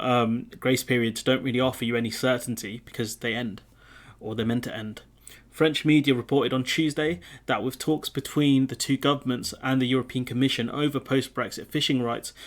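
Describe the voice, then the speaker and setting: A man reading news articles aloud and commenting on them in a casual way, with frequent ums and asides. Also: mid-range voice. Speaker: political commentator.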